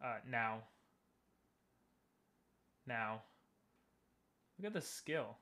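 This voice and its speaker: A man's voice: mid-range voice, lively intonation, extremely slow, pushed and bright. A young man giving casual, joking commentary while streaming a game and talking with chat. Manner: chatty, joking, talks to chat.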